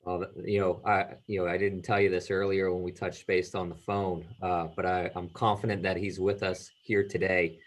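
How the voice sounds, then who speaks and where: A man's voice: low voice, level tone, moderate pace, hardly any pauses. A man interviewing a guest, talking casually and hesitantly with many fillers.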